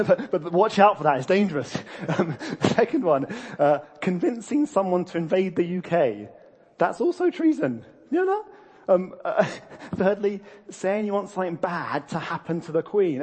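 A man preaching a sermon, animated and laughing often, with frequent restarts and fillers. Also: fairly high pitch, slightly rough.

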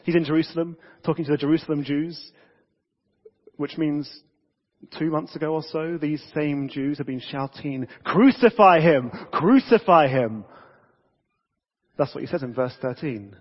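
A man preaching a casual, lively sermon to a church congregation, talking conversationally with frequent restarts. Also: on the high side, moderate pace. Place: church hall. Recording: dull reverberant church audio.

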